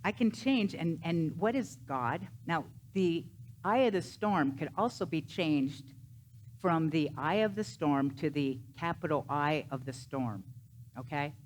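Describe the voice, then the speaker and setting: A woman minister giving a Sunday sermon to a congregation, animated and emphatic, often swinging her voice up and down for effect. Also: sits low, a little hiss or hum. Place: church sanctuary.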